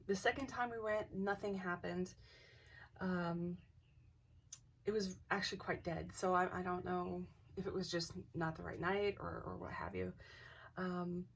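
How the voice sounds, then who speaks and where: A woman's voice: on the low side, measured pace, creaky, far from the mic, slight background noise. A young woman casually telling a ghost story, hesitant, with many restarts and dips into near-whispers.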